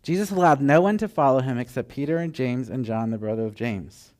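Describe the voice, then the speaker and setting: A man preaching a sermon, telling the story with animated acted-out voices and dropping to a hushed, tender tone at moments. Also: medium pitch, a little fast. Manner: drops to soft, hushed tones for tender moments. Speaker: pastor.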